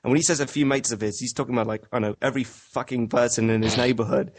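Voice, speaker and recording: English guy, normal pitch, chill and dry, telling a story. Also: fairly even intonation, racing. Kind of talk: casual storytelling chat.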